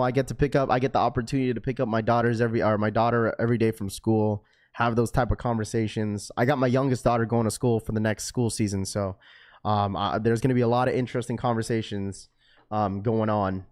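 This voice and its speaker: A man's voice: medium pitch, clean tone. Hyped casual man chatting with his chat. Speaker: sneaker livestream host. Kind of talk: casual livestream chat with viewers.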